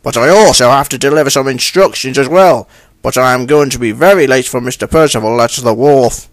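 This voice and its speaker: A man voicing a flustered, hurried male railway boss in a fan audio story, brisk and commanding. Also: mid-range voice, no room sound, close to an everyday voice. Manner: brisk, commanding, loud bursts.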